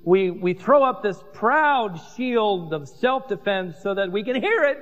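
A pastor preaching a sermon, telling stories with asides and humor. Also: male voice, sits high, moderate pace, hardly any pauses. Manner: animated storytelling with asides and humor. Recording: dull reverberant hall recording.

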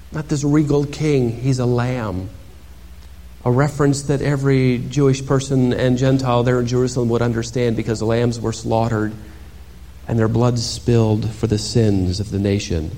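A male pastor preaching a sermon in an animated, dramatic way, moving from loud emphasis to hushed asides. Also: mid-range voice, normal speed.

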